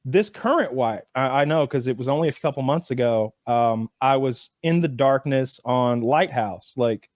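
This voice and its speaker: A man in casual podcast chat, telling a gaming story with animated delivery and lines acted out in a raised voice. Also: moderate pace, few pauses, dry recording, studio quality. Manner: animated storytelling, acts out other players' lines in a higher voice.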